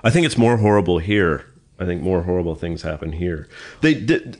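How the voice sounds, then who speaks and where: A man's voice: low voice, expressive, normal speed. A man guest on a podcast telling rambling anecdotes, with frequent restarts, in a casual chat. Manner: rambling storyteller with many restarts.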